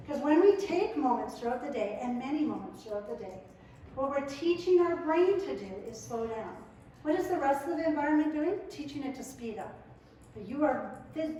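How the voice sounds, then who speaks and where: A woman's voice: high-pitched, a little hiss or hum. Woman teaching in an echoey room. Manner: lively, conversational, acts out quotes. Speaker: family skills workshop presenter. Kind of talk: talk to a live audience. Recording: echoey room, mic far off.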